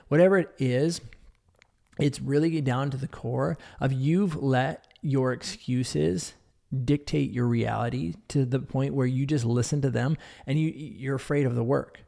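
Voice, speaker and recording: A man's voice: mid-range voice, measured pace, creaky, mellow. A man hosting a podcast as a doctor, giving a blunt, scolding motivational monologue and repeating phrases for emphasis.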